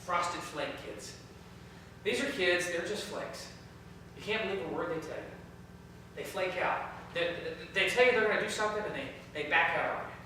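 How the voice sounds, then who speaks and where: A man who leads a youth ministry, giving a storytelling training talk, lively and often repeating words as he searches for them. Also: high-pitched, moderate pace, far from the mic, a little hiss or hum. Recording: echoey room, voice from afar.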